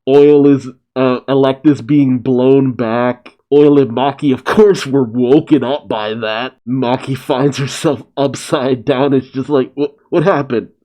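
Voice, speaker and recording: A man talks through a manga chapter in a relaxed, unhurried way, his voice mellow and dark. He gets excited, laughs often, swears and acts out the characters' lines as he recaps. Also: medium pitch. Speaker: manga reaction host. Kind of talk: casual manga reaction recap.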